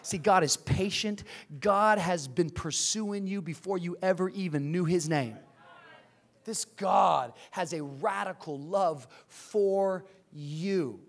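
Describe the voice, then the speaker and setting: A man in his thirties preaching a sermon, moving between quiet, conversational asides and loud, shouted build-ups, with playful jokes. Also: sits high, takes it slowly, creaky. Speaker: pastor.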